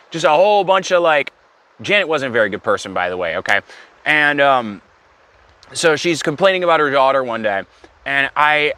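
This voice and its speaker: A young man telling a comedic story in a rambling, deadpan way, with self-aware asides. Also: medium pitch.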